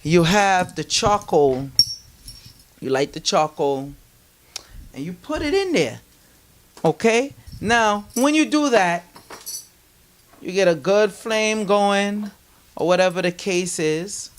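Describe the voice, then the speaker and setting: A man's voice: high voice, takes it slowly, long pauses, slight background noise. A man being interviewed who tells his stories animatedly, acts out the voices of people he quotes and gives spiritual advice. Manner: lively, acts out quoted voices, laughs mid-story. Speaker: interview guest.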